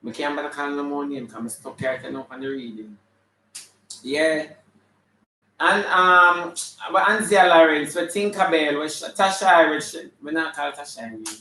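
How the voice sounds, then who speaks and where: A man with a Jamaican accent playing a flamboyant, sassy female character full of attitude, hosting a live stream and shouting out viewers' names. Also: a little high, moderate pace, a little hiss or hum. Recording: echoey room, mic at a distance.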